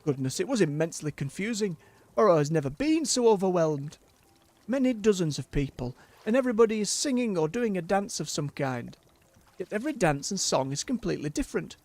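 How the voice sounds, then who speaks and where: A streamer voicing a gentle, formal tea-shop creature. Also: mid-range voice, big pitch swings, fairly quick, voice pushed up. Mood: wistful. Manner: polite, formal, speaks of himself by name.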